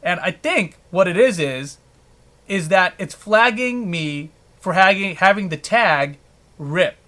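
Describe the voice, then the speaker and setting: A man's voice: high-pitched, expressive, takes it slowly, sharp tone. A man hosting a casual podcast, ranting about a frustration and swearing heavily. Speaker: podcast host.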